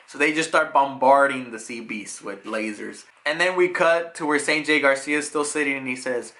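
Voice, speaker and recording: A man with a mid-range voice speaks at a normal pace with hardly any pauses. He's a reviewer casually retelling a manga chapter, acting out the scenes as he goes in an animated way.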